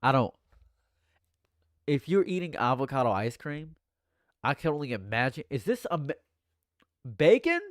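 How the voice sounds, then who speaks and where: Animated man ranting in mock outrage. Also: mid-range voice, moderate pace, pauses often, dry recording, studio quality. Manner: mock-outraged ranting, jumps between mumbled asides and loud outbursts. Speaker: streamer. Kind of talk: casual livestream commentary.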